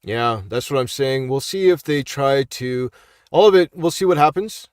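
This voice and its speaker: A man's voice: mid-range voice, lively intonation, moderate pace, clean tone, no room sound. Preachy man, dry close sound. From Canada. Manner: preachy, repeats "all right?" for emphasis. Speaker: street minister and YouTube commentator. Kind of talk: casual live commentary reading online posts.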